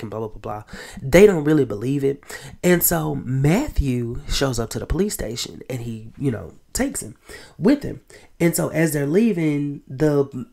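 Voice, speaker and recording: Gravelly man recapping a TV episode. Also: mid-range voice. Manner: animated storytelling with quick whispered asides and laughter. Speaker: podcast host.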